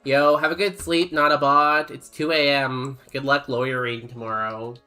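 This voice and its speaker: A man's voice: mid-range voice, fairly even intonation, normal speed, pushed and bright, soft background music. A young man streaming a game, chatting casually and rambling as he reads chat aloud in a laid-back way.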